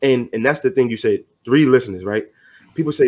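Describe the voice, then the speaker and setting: A middle-aged man speaking as a podcast guest, earnest and motivational. His voice sits at an ordinary pitch, and he talks in a loose, slangy way. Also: fairly quick, a little mellow. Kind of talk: casual podcast conversation.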